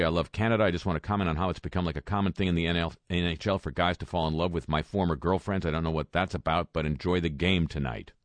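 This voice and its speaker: A man's voice: low voice, dry recording. A man reading a news roundup with dry, sarcastic asides between quoted statements. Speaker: radio news commentator. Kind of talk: wry spoken news roundup.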